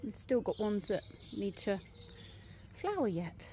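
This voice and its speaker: A woman's voice: mid-range voice, sing-song, measured pace, warm tone, a little hiss or hum. A woman with a British English accent chatting casually to camera at home, rambling a little with fillers, tired and yawning. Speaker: vlogger. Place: at home and in her garden.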